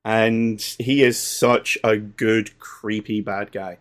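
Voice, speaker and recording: A man's voice: fairly low pitch, level tone, takes it slowly. A man co-hosting a podcast, chiming in with wry, sarcastic and profane comments on a film and laughing often. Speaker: podcast co-host. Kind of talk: casual chat.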